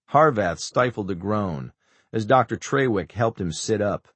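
A man reading a thriller audiobook as narrator, in a measured way. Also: fairly low pitch, expressive, slightly rough, no room sound. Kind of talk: scripted narration.

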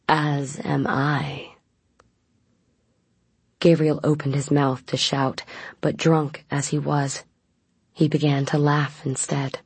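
A narrator reading a gothic novel aloud in measured, even storytelling. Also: mid-range voice, slightly rough, no echo. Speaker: audiobook narrator. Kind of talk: scripted narration.

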